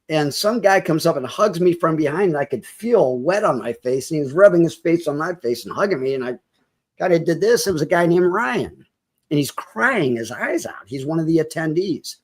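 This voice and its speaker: A man with a somewhat high-pitched voice talks as a podcast guest. He tells a personal story with feeling and slips into the voices of the people in it. At moments he comes close to tears. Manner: vivid storyteller who acts out quoted dialogue.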